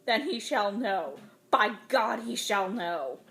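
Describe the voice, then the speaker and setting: A bitter, tormented mother snaps in clipped, cold bursts, as a woman reads her lines. Her anger turns to loud shouts in this dark read-aloud tale. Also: mid-range voice, expressive, takes it slowly, vocal fry, exaggerated voice. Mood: raging. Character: harsh, tormented mother losing her temper.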